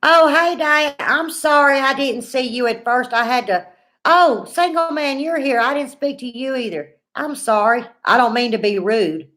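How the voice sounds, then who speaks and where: A woman's voice: high voice, normal speed, a bit bright. A woman, in her forties, hosting a casual livestream, chatting folksy and greeting viewers by name while reading comments. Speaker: livestream host.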